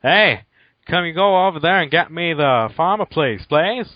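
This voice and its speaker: A man's voice: on the high side, animated, normal speed, dry recording, lo-fi sound, voice pushed up, natural voice. A man putting on a clumsy, hammy joke accent, then mocking himself for it.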